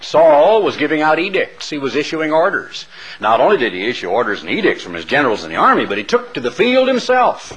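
A man's voice: a little high, wildly swooping pitch, a little fast, a bit bright, husky, poor audio. A man preaching a sermon who tells Bible stories dramatically and stresses his points hard. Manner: dramatic storytelling, emphatic.

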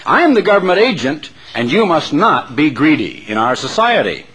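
A man's voice: a little high, sing-song, normal speed, a bit bright, rough recording. A man voicing a smug government agent lecturing in a storybook read aloud.

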